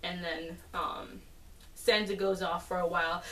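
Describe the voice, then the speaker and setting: A woman chats through an episode recap, rambling with fillers and animated asides. Her voice sits on the lower side, and she sounds set back from the mic in a roomy space. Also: unhurried, far from the mic, a little hiss or hum. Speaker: TV episode reviewer.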